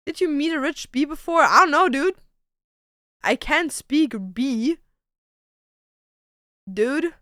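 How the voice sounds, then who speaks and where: A woman's voice: sits high, slow, pauses often, a bit bright, no echo, studio quality. A young woman streamer in casual chat, goofy and swearing freely as she tries out silly voices and animal sounds. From Canada.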